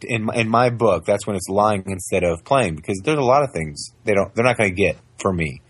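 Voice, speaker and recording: A young man in a casual talk, animated as he tells stories about his small daughter and acts out the voices. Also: fairly low pitch, a little fast, husky, no echo. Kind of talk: casual chat.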